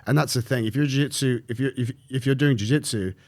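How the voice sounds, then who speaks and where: A man chatting as a podcast guest, rambling and swearing, with lots of restarts and animated storytelling. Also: mid-range voice, fast. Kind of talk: casual podcast chat.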